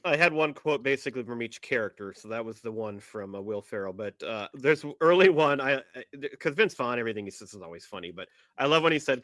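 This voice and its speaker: A man's voice: mid-range voice, animated, fast, few pauses, pushed and bright, no echo. A man co-hosting a podcast, chatting casually about a film and laughing as he quotes lines. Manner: laughs while quoting lines. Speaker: podcast co-host. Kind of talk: casual chat.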